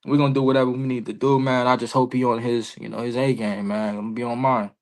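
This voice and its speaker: Young male wrestler guest, mid-pitched voice, casual slangy storyteller, animated retelling. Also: fast. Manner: animated, slangy, lots of "bro" and "you feel me". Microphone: remote podcast call.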